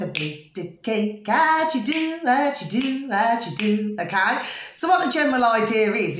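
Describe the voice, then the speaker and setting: In a roomy-sounding recording, a middle-aged British woman with a medium-pitched voice chats casually to camera as a vlogger. She rambles, keeps checking that viewers follow along, and often repeats "do you see what I mean?" and "ding ding".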